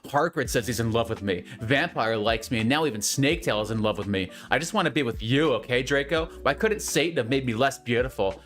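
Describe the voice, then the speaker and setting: A man's voice: medium pitch, lively intonation, a little fast, hardly any pauses, a bit bright, close to an everyday voice. A man voicing an angsty, self-pitying teenage goth girl who speaks in a whiny, dramatic way.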